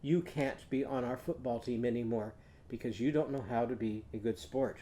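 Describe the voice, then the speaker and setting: A man's voice: medium pitch, normal speed, warm tone, slight background noise, natural voice. A man reading a stern storybook queen. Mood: scolding. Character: stern queen who runs a football team.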